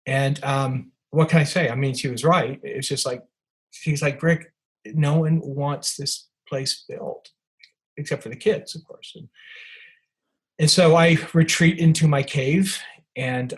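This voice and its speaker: A man's voice: medium pitch, breathy edge, rough recording. An older man, an author, telling rambling anecdotes as a podcast guest, with many restarts and fillers. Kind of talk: storytelling in a podcast interview.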